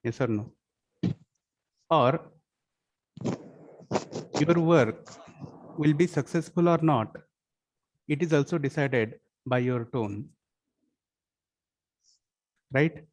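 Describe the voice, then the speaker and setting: Speaking extremely slowly and pausing often, a man with a mid-range voice lectures a college class. He checks comprehension again and again with "yes or no?" and shifts into Marathi and Hindi for his explanations.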